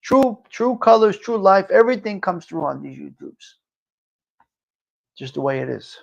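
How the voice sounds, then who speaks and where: A man's voice: big pitch swings, unhurried, creaky, lo-fi sound. Blunt, profane New man ranting. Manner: blunt, profane, ranting, swings from low muttering to loud outbursts. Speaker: livestream talk show host. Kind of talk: casual live-stream monologue.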